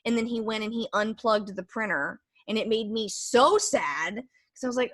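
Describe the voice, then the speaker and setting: A woman's voice: medium pitch, a little fast, a bit bright. A young woman hosting a podcast, telling a candid, rambling story in casual chat with lots of fillers. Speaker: podcast host.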